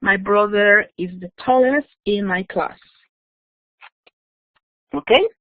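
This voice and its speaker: A woman's voice: mid-range voice, no room sound. Woman teacher, patient explaining, frequent "yes?", thin phone-like sound. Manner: explains slowly, checks in with "yes?". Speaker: English teacher. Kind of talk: online grammar lesson. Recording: dry, tinny phone-like audio.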